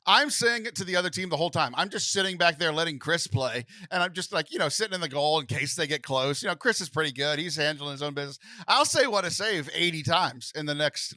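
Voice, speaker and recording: A man's voice: on the high side, pushed and bright, no room sound. A man hosting a casual podcast chat, laughing often and explaining things at length. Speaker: podcast host.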